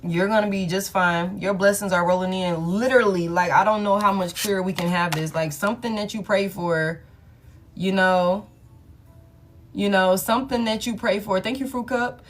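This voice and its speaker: A woman's voice: mid-range voice, moderate pace, soft background music. A woman in her thirties chatting casually to her live audience as a tarot reader. She speaks bluntly, curses freely and breaks into laughter. Her delivery is loose and conversational, like a host talking to regulars. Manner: candid and profane, laughs often, talks straight to her viewers.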